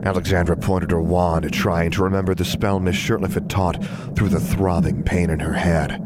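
A man narrating a story in a steady, even reading voice. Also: sits low, moderate pace, noisy background. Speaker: audiobook narrator. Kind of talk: scripted narration.

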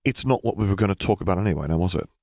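A man's voice: deep voice, rapid-fire, creaky, darkish tone, dry recording. A man voicing Zev, a sassy, curious young man with a dry, teasing way of talking.

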